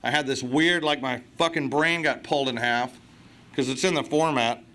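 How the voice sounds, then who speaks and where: A man's voice: medium pitch, moderate pace, a bit bright. A man speaking at a recovery meeting, blunt and profane, with self-mocking humor. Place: meeting hall.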